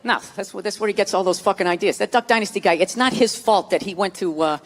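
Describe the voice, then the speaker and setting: A man doing a stand-up comedy set, profane and animated, slipping into mocking voices. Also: high-pitched, quick pace. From United States. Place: large hall before a live audience. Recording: live stage recording in a reverberant hall with crowd.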